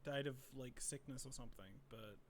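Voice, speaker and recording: A man's voice: medium pitch, normal speed, slight background noise. A young man streaming a game, chatting casually and reading text aloud, with many fillers. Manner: rambling, lots of "like" fillers.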